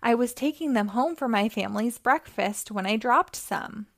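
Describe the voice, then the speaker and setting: A woman's voice: fairly high pitch, moderate pace, no room sound, studio quality. Friendly mother vole, read by a woman. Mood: grateful. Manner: warm, grateful.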